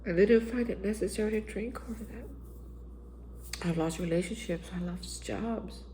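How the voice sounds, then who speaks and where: A woman's voice: mid-range voice, measured pace, dark tone, low-quality recording. A woman hosting a daily reflection channel, telling an earnest personal recovery story and acting out her own past lines. She is from Texas.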